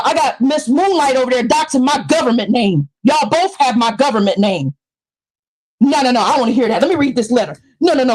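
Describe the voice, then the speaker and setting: A woman live streamer reading a letter aloud and answering it in a confrontational, taunting, preachy rant, swinging between low mutters and sudden shrieks. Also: darkish tone, poor audio.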